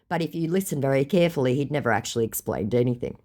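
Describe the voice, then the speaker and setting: A woman's voice: deep voice, fast talker, hardly any pauses, a little mellow. A woman telling the story of a scam chat in a scornful, sarcastic way. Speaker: vlogger retelling a scam chat.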